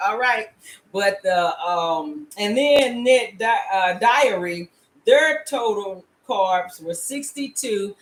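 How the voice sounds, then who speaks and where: Chatty grandmotherly woman in echoey kitchen. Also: medium pitch. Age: older. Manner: chatty, playful, frequent laughs and "all right?" check-ins. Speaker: home cooking show host. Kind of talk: casual recipe demonstration. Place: home kitchen. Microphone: laptop camera.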